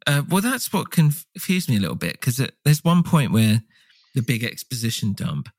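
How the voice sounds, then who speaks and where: A man co-hosting a casual film podcast, rambling and swearing with lively asides. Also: mid-range voice, normal speed, no echo. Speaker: podcast co-host.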